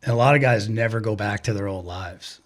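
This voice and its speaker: A man's voice: lowish voice, brisk. A man co-hosting a podcast, telling stories in rambling, profane casual chat full of fillers. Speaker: podcast co-host.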